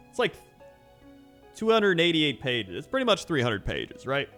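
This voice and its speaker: A man's voice: a little high, huge pitch swings, normal speed, fairly bright tone. Chatty rambling man with faint music. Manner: rambling, chatty, laughs often, many fillers. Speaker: hobby channel host. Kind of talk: casual storytelling.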